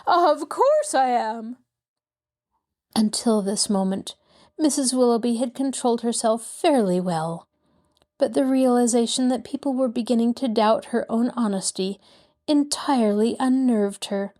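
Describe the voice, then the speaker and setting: Female storyteller, slightly high voice, steady audiobook reading. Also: normal speed. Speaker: audiobook narrator. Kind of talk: scripted narration.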